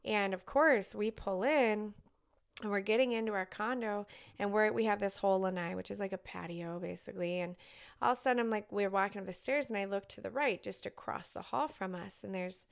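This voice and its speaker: A middle-aged woman co-hosting a podcast, telling a story in casual chat, lively and acting out the people she quotes. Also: mid-range voice, fairly quick, vocal fry, smooth. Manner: animated storyteller, acts out quotes, swears casually. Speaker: podcast co-host.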